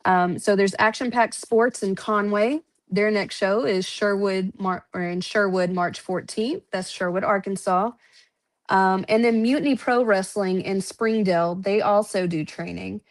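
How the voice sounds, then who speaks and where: A woman's voice: mid-range voice, fairly even intonation, a little slow. A woman, a wrestling promoter chatting casually on a podcast, listing shows with lots of fillers and frequent laughs.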